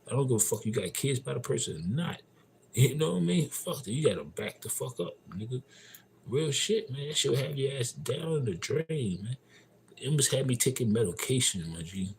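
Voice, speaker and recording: A man in a casual livestream monologue, telling a story in a profane, emphatic and rambling way. He swings between loud outbursts and low mutters. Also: animated, moderate pace, creaky, a little hiss or hum, rough recording. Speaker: livestream host.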